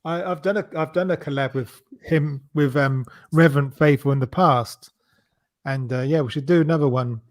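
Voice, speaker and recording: A man hosting a casual online panel chat, hesitant and full of ums. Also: a little high. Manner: slow, hesitant, many ums. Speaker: show host.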